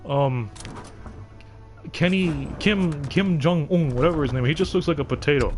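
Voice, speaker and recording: A man's voice: a little high, moderate pace, faint music behind. A young man streaming live, chatting casually in a rambling way with lots of fillers and restarts. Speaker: game streamer.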